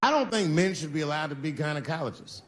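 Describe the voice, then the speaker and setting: A man's voice: on the high side, lively intonation, fast talker. A man telling stand-up stories conversationally, acting out the people he meets. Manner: conversational storytelling with acted-out voices. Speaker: stand-up comedian. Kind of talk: stand-up storytelling. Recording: reverberant venue with audience noise.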